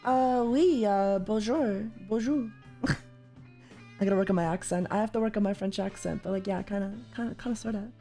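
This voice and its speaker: A young woman from Canada chatting casually as a streamer while playing a card game, with sudden loud, high exclamations. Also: steady tone, brisk, gravelly, soft background music.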